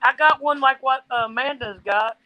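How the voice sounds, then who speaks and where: A woman's voice: high voice, normal speed, pushed and bright, poor audio. A woman telling a casual story in folksy chat, quoting what people said. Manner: folksy, quotes people in her stories. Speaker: co-host of a trucking livestream.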